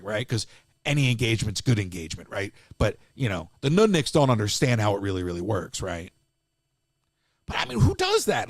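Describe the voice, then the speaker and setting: A man's voice: on the high side, wildly swooping pitch, brisk, no echo, clean studio sound. A man hosting a live stream, ranting casually in an exasperated way and restarting his sentences often.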